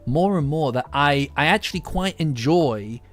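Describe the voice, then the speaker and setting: A British man with a somewhat high voice and lively intonation chats casually with his stream audience over faint lo-fi music. An anime commentator, he rambles, swears, and gets agitated quickly.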